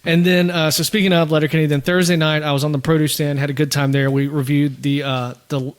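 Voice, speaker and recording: A man's voice: on the high side, level tone, quick pace, clean tone. A man in his thirties hosting a podcast, telling stories in casual chat and laughing as he goes. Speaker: podcast host.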